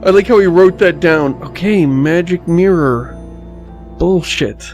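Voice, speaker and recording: A man's voice: on the high side, measured pace, a little mellow, soft background music. A man co-hosting a let's-play show, tossing off wry, mocking asides. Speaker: game show co-host. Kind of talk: casual let's-play commentary.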